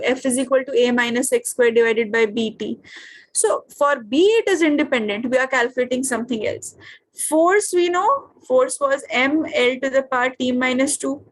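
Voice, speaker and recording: A high-pitched woman with an Indian English accent teaches a physics class over a video call. She keeps stopping to ask her students what comes next and whether it is clear. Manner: questioning, checks understanding often.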